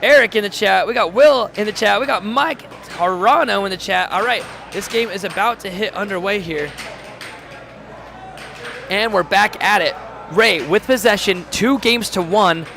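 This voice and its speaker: High-pitched, gravelly man calling plays. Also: pushed and bright, a little hiss or hum. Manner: rapid play-calling, reads chat aloud, jokey. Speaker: play-by-play commentator. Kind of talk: live-stream sports commentary. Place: home studio.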